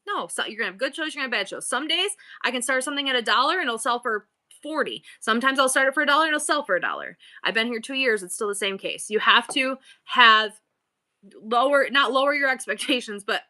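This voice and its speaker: A middle-aged woman with a high, bright, forceful voice hosts a live-selling stream. Bubbly and playful, she uses an exaggerated customer-service voice and rambles from topic to topic in casual chat.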